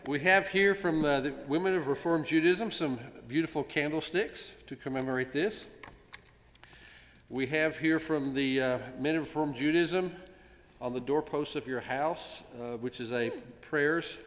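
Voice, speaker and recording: A man speaking as congregation president, giving a ceremonial presentation speech with gentle jokes and frequent pauses, in a synagogue sanctuary. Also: fairly high pitch, a little hiss or hum. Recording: long reverb in a large sanctuary.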